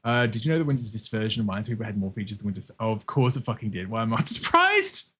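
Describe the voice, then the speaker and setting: A man streaming a game and chatting casually, excitable, laughing a lot and swearing often. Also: lowish voice, rapid-fire, breathy edge. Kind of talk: casual livestream chat while gaming.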